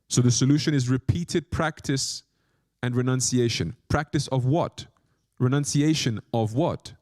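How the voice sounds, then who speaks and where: Monk guy giving a talk, pitch jumping all over, joking at himself, dry close sound. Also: a little mellow, no echo. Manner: playful, self-mocking asides; repeats short phrases for emphasis. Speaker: monk teacher. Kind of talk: spiritual lecture.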